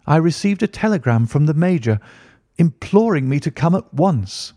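A man reading a classic story aloud in steady, even scripted narration. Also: fairly high pitch, no echo, studio quality. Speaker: audiobook narrator.

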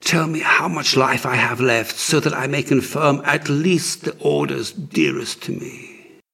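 A man reading the lines of a dying young prince, pleading and anxious, in an unhurried audiobook delivery. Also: fairly high pitch, lively intonation, vocal fry, sharp tone, slightly rough, voice pushed up, heavily acted. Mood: urgent. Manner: pleading, faltering.

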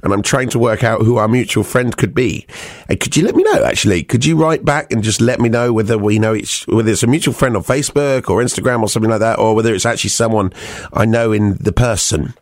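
A man's voice: on the low side, fast, no echo, clean studio sound. A man hosting a radio show, reading out listener messages in a chatty, teasing way.

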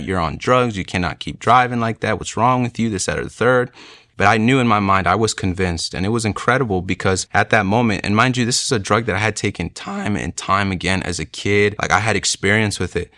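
Young man, very low voice, bright forceful tone, earnest testimony, dry close sound. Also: no room sound. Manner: earnest storytelling, speeding up and slowing down. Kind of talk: personal testimony.

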